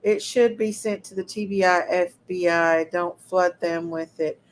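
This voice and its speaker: A woman's voice: lowish voice, steady tone, a little slow, low-quality recording. A woman hosting a casual livestream, talking to her chat viewers and sounding indignant. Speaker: livestream host.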